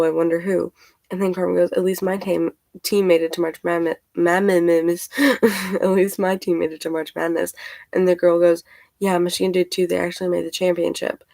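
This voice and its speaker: Young woman ranting with gravelly fry. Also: on the low side, a little mellow, no echo, rough recording. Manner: exasperated ranting, retelling texts. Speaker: vlogger. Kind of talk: casual venting to camera. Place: couch at home.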